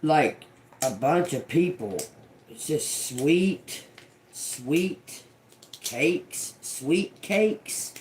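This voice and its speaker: A man's voice: a little high, animated, drawn-out words, slight background noise. A man doing a casual tarot reading, rambling and cursing, often repeating single words as they come to him. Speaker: tarot reader.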